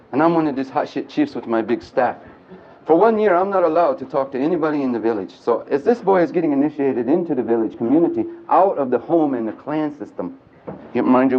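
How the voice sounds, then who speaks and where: Male lecturer, mid-pitched, animated and earthy with jokes to the crowd; muffled lo-fi tape. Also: a little hiss or hum. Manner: animated and earthy, mixing jokes and blunt language. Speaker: speaker at a men's gathering. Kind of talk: storytelling lecture to a live audience. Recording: dull lo-fi archive tape.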